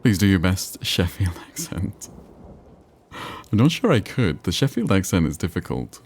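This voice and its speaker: Low-voiced northern English streamer. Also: male voice, very animated, normal speed, darkish tone. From England. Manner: chatty, musing, answers chat. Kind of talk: casual gameplay commentary.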